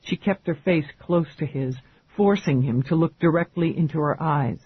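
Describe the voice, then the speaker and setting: A man narrating an audiobook in a measured, even storytelling manner. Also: on the high side, husky, no room sound. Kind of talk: scripted narration. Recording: tinny phone-like band, dry.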